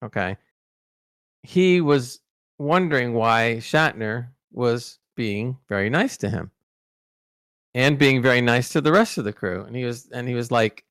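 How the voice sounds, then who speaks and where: A man's voice: medium pitch, expressive, measured pace, a bit bright, clear, resonant tone, dry recording. A man in middle range telling long, rambling stories on a casual podcast, tripping over his words and circling back. The sound is dry and close, with no room around it. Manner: rambling storyteller, many restarts and fillers. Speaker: podcast co-host recalling celebrity interviews.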